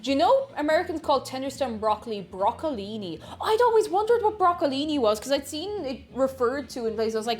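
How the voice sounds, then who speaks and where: A woman's voice: sits high, expressive, quick pace, hardly any pauses, faint music behind. A young Irish woman streaming from home, chatting casually and reading out viewer comments with frequent giggles and rambling asides.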